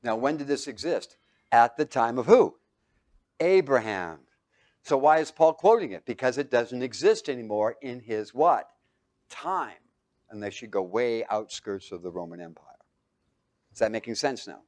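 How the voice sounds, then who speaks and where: A man teaching a bible lesson to a live group, quizzing them with fill-in-the-blank questions and swinging between loud and hushed. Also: mid-range voice, lively intonation, normal speed. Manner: asks the audience fill-in questions. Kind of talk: sermon.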